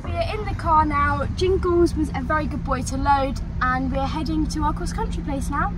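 A woman's voice: sits high, moderate pace, noisy background. A young woman from Dorset, talking in a put-on Liverpool accent, chatting and giggling casually in a vlog while getting ready outdoors at a stable. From Dorset, England. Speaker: young rider and vlogger. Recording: music playing over the voice.

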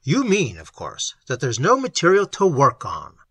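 A reader with a hoarse voice voicing a younger male tutor who asks measured, inquiring questions in an audiobook. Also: mid-range voice, wildly swooping pitch, a bit bright, no room sound, exaggerated voice.

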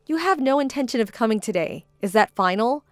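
A woman's voice: a little high, expressive, no echo, soft background music, lightly acted. A woman playing an indignant young bride-to-be. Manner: measured, indignant, cold. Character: young bride-to-be, hurt and firm. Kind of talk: dramatized story voice acting.

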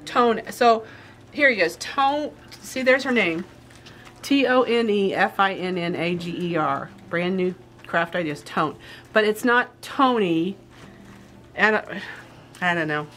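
A woman's voice: fairly low pitch, a little slow, a bit bright, a little hiss or hum. A middle-aged woman hosting a casual show-and-tell in a craft shop, bubbly and rambling, often sidetracked. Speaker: quilt shop host.

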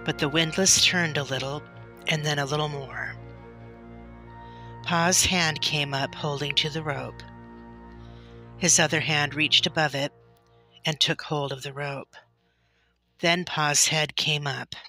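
A woman reading a classic children's novel aloud in a gentle, deliberate storytelling manner. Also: deep voice, fairly even intonation, faint music behind. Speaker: storybook reader.

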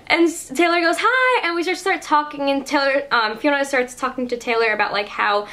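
Young woman, high voice, gushing vlogger story, filler-heavy delivery. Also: steady tone, fairly quick, a bit bright. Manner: gushing, says "like" constantly. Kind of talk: excited storytelling.

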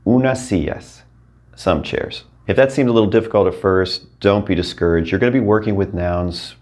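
A man teaching an online lesson, patient and encouraging, slowly repeating each word for practice. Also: low-pitched, a little mellow. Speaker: Spanish teacher. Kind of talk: recorded language lesson.

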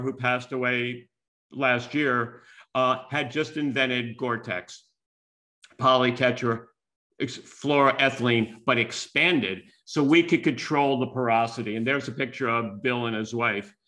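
An older man from the United States delivers a talk as a string of personal stories. His voice is bright and forward, and he acts out the quoted dialogue as he goes. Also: medium pitch. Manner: animated storyteller acting out quoted dialogue. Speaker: keynote speaker and business school teacher. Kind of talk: storytelling talk.

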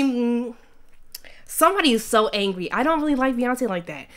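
A woman in her twenties reading out a quiz in a casual, playful chat full of slang and quick asides. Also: sits high, animated, a bit bright. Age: 20s. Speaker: YouTuber.

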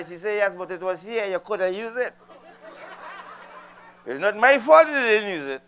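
A man's voice: high-pitched, lively intonation, normal speed, pauses often, fairly bright tone. Older Trinidadian man doing stand-up. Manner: chatty, teasing the audience. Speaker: stand-up comedian. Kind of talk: stand-up comedy routine. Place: live comedy venue.

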